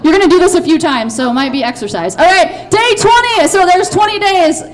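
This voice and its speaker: A high, lively woman runs a children's Bible play from the front of a church. Her talk is upbeat and playful, full of quick cheers and stage cues for the kids. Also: a faint crowd. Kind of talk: directing a children's Bible skit.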